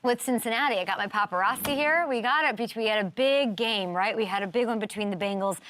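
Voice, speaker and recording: A woman hosting a sports talk show, animated and joking, riffing fast on the weekend's games. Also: fairly high pitch. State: out of breath. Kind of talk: energetic sports talk monologue.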